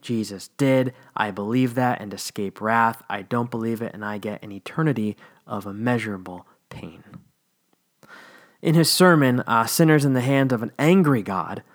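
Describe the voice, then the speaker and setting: Man, late thirties, candid personal monologue, blunt and wry, mid-pitched. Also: normal speed. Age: 30s. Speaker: former church teacher.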